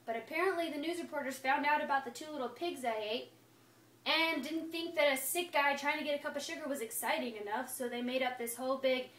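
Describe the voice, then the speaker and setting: A woman's voice: high-pitched, fast, fairly bright tone. A woman telling a fairy tale in the first person as a wolf who insists he is innocent, in a chatty, playful way. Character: friendly, self-justifying male wolf. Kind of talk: first-person storybook read-aloud. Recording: echoey room, far from mic, faint hiss.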